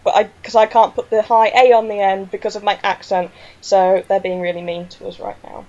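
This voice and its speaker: A woman's voice: medium pitch, flat delivery, fairly quick, darkish tone, highs cut off. A woman hosting a fan radio chat, giggly and mock-exasperated. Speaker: host. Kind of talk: casual chat.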